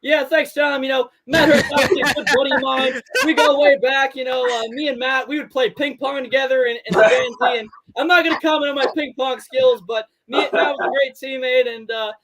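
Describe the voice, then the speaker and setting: A man's voice: very high-pitched, fairly even intonation, a little fast, few pauses, a loud crowd, voice pushed up, poor audio. A man imitating a hyped male sports radio host in an announcer style.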